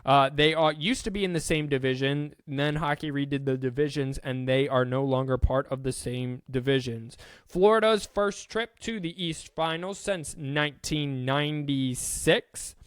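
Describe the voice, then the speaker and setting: A man talks through the day's sports news on his own podcast in a casual, joking way, tripping over the odd name. His voice sits a little high and comes across smooth and clean. The close mic leaves it dry, with no room sound. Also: normal speed, dry recording. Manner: chatty, self-deprecating, with restarts and stumbles over names. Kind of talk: casual solo sports rundown.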